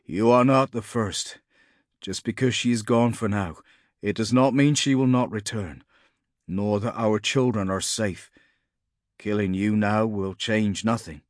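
A man reading a storybook voices a defeated male hunter in a solemn, measured, resigned manner. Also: fairly low pitch, no room sound, studio quality, close to an everyday voice.

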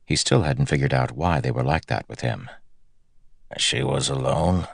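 A man narrating a fantasy audiobook in a steady, even manner. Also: a bass voice, a little fast, vocal fry, no room sound, clean studio sound.

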